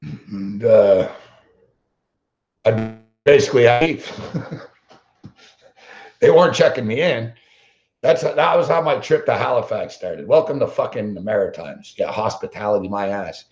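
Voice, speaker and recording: A man's voice: on the low side, expressive, unhurried, long pauses, a little mellow. A man hosting a sports betting show, telling a long story as a blunt, combative rant full of swearing. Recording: roomy, dull lo-fi sound.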